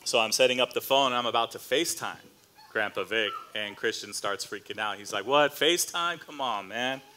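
A man pastor preaching a sermon as a relaxed, conversational story, with casual fillers and slang asides. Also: on the low side, fairly quick, slight background noise. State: choked up near the end.

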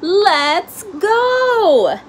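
A woman's voice: very high-pitched, big pitch swings, takes it slowly, a little hiss or hum, voice pushed up, full character voice. Woman doing a patient father frog. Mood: calling. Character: patient father frog calling his son.

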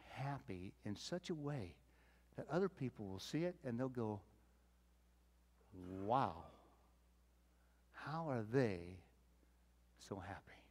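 A male pastor delivering a folksy sermon, swinging between loud emphasis and quiet asides, often repeating words as he thinks. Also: mid-range voice. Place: church sanctuary.

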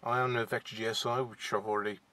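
Young West Midlands man, shy first-time vlogger, bright-voiced, hesitant, chatting in his car. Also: on the low side, flat delivery, fast talker. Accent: West Midlands (Wolverhampton). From England. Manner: shy, hesitant, many fillers and restarts. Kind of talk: casual to-camera chat. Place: inside a parked car.

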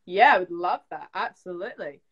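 A young woman, an actress chatting on a video call live stream, telling stories lively and acting out quotes. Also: on the low side, brisk, husky, muffled recording. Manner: chatty storyteller, acts out quotes, laughs often. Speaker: actress guest. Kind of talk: casual live-stream chat. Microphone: phone or webcam on a video call.

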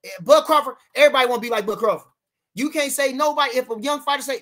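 A man's voice: very high-pitched, very fast, bright, forceful tone. Brash, slangy man talking boxing at length. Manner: brash, boastful, repeats himself, slangy street talk. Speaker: boxing livestream host. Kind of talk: casual livestream chat reading comments.

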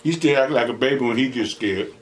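A man's voice: medium pitch, fast talker, a little hiss or hum. A young man hosting an eating show at home, telling stories casually between bites, laughing often and acting out what others said. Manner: animated, laughs often, acts out quoted voices. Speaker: mukbang host. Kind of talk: casual storytelling while eating.

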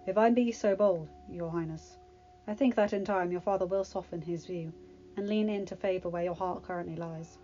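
A woman's voice: on the low side, fairly even intonation, moderate pace, warm tone, natural voice. A woman voicing a wry, teasing palace captain who gives a prince fatherly advice. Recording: dull lo-fi recording, faint music.

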